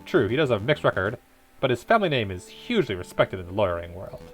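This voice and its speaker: A man voicing a smooth, scheming male fox investigator in a game, in a low, formal, suave manner. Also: big pitch swings, fast, soft background music. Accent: put-on Spanish accent.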